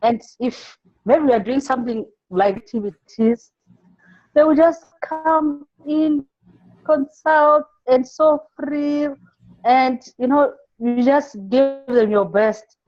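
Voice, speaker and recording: With a high-sitting, darkish voice, a woman teacher from Zimbabwe responds to an interview through halting classroom anecdotes, repeating words and performing her pupils' lines. The audio has its highs cut off, and soft music plays in the background.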